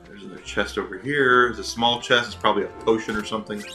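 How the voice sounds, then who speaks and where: A chatty, excitable young man giving casual commentary while playing a video game. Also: lowish voice, fast talker, over music. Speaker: gaming video host. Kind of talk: casual let's-play commentary.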